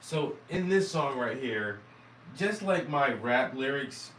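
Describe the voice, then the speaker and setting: A man with a South Carolina Southern accent talks loosely to his viewers, swearing freely and chuckling at himself. His mid-pitched voice rings through an echoey room. He sits a little off the mic, with faint ambient noise behind him. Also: animated, takes it slowly, a bit bright, distant mic. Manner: rambling, profane, self-amused. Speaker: vlogger and musician. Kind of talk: casual talk to camera.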